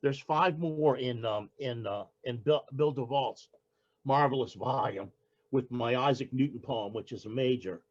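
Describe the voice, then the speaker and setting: Older man talking in a halting way, lo-fi sound. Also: mid-range voice. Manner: halting, with frequent restarts and fillers. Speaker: poet guest. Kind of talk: casual interview talk.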